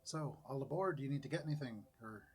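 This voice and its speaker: A man's voice: mid-range voice, fast talker, breathy edge, lightly acted. Kiara, a man doing a blunt halfling woman. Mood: businesslike. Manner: blunt, easygoing, chatty. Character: brisk, friendly halfling woman stablekeeper. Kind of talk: tabletop role-play.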